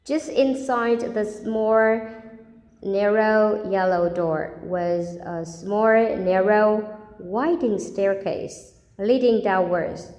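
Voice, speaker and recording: A woman's voice: mid-range voice, steady tone, very slow, darkish tone. A woman who reads a children's story aloud and patiently stops to explain new words. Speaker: English teacher. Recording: echoey room with long reverb.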